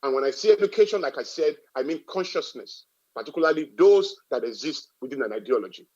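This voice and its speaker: A man's voice: a little high, expressive, fast talker, darkish tone, highs cut off. A man with a Nigerian accent giving a public talk, emphatic and repetitive, driving points home with rhetorical questions. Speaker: guest speaker.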